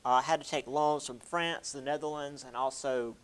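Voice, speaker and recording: A man's voice: mid-range voice, fairly even intonation, normal speed, fairly bright tone, clean tone. A man giving a casual history lecture, chatty, with many fillers and playful quoted asides.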